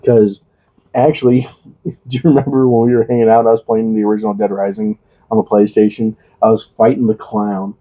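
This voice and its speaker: A man's voice: lowish voice, little pitch movement, fairly quick, warm tone. A man co-hosting a podcast, rambling about video games, swearing freely and teasing his friend. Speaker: podcast co-host. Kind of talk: casual chat.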